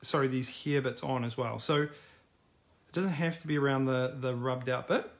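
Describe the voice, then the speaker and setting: A man's voice: medium pitch, moderate pace. A middle-aged man teaching a live online drawing class in a casual, encouraging, chatty way. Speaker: art teacher.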